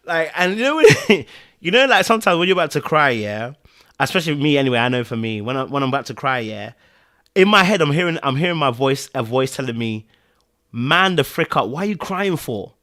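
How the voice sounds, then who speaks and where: A man hosting a podcast, giving emotional, animated commentary on a TV episode, sighing and swinging between loud bursts and quiet murmurs. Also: mid-range voice, quick pace. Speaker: podcast host reviewing a TV episode.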